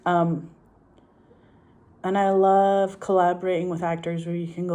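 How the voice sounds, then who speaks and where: A middle-aged woman from Scotland with a Glaswegian accent talks to camera in a loose, rambling way. Her voice sits fairly low with a warm, mellow tone. She swears freely and laughs often as she chats about her work as a director. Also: level tone, a little slow. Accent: Glaswegian Scottish. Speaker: film director. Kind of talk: casual chat to camera.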